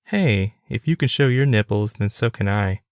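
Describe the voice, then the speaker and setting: A man's voice: fairly low pitch, animated, moderate pace, no echo, clean studio sound. A man voicing a friendly young woman who turns earnest and ominous, in an audiobook. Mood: playful. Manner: playful, then earnest and ominous.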